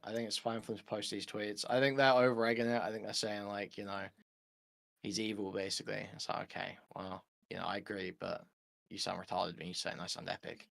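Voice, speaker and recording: A man calls into a livestream and talks quickly, tripping over himself with frequent restarts. His voice sits fairly low with a gravelly fry, and he rushes his words along. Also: little pitch movement, a bit bright. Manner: rapid, halting, with repeated restarts. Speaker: caller. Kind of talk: casual livestream chat.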